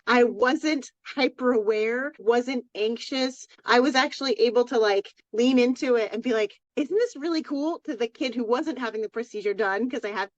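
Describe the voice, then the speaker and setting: Higher-voiced woman telling a personal story. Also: no room sound. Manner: open, emotional storytelling with many restarts. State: tearful. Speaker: podcast co-host. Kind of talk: casual chat. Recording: dry, dull lo-fi sound.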